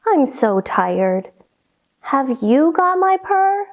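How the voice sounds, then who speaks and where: Figure: small sleepy kitten, female. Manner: tired, pleading, rising high , as a woman reads it. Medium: storybook. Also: big pitch swings, very slow, dull audio, full character voice.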